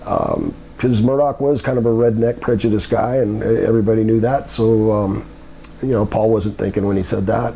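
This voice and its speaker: A gravelly, mellow-toned older man spins a rambling anecdote as a guest, stumbling over restarts and filling pauses with ums. His voice lifts higher as the tale builds, and a faint hum sits behind him. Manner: halting, many ums and restarts, climbs higher when excited. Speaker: guest telling old wrestling stories.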